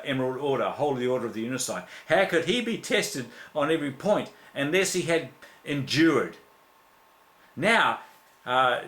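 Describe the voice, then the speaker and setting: A man's voice: fairly high pitch, a bit bright, reverberant. An Australian man preaching an impassioned sermon, repeating emphatic declarations, with many fillers and restarts.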